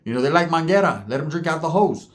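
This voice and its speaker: A man's voice: on the high side, animated. A man telling a story in a casual, profane way, full of slang and constant "right?" checks. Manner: acts out other people's lines in quick voices. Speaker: podcast guest telling a story.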